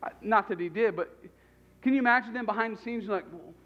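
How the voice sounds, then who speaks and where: Animated high-voiced preaching man. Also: fast talker, lo-fi sound. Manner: conversational, animated, repeats phrases. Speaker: pastor. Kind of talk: sermon.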